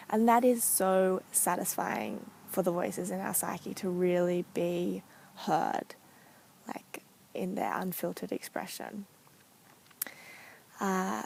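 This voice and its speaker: Soft-spoken woman with vocal fry. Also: medium pitch, slight background noise, low-quality recording. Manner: soft-spoken, thoughtful, many pauses and fillers. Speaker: speaker sharing a therapeutic practice. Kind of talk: casual reflective talk to camera.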